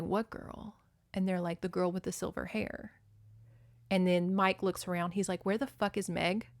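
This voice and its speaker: A woman, hosting a casual book recap podcast. She talks in an animated way and slips into exaggerated voices whenever she quotes the characters. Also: medium pitch, clear, resonant tone. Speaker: podcast host.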